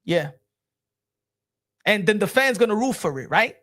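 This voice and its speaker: A man's voice: sits high, animated, a little slow, pushed and bright. A man hosting a boxing livestream, ranting at chat comments in an exasperated, repetitive and profane way. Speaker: boxing channel host. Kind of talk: livestream rant answering chat.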